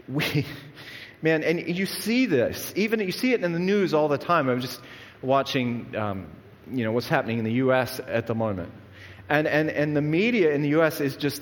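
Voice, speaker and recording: A man preaching a sermon as pastor, in an earnest, conversational way with frequent restarts. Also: medium pitch. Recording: long echo of a large hall.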